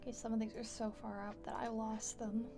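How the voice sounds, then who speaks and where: A young woman streamer and voice actor chatting casually, soft and thinking aloud. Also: fairly high pitch, flat delivery, brisk, gravelly, music in the background. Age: young adult.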